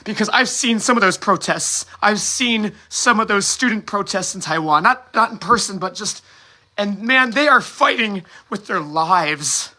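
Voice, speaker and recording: A man's voice: high voice, animated, measured pace, sharp tone. A man from the United States hosting a solo monologue, impassioned and rambling, swearing often and restarting his sentences. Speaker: host.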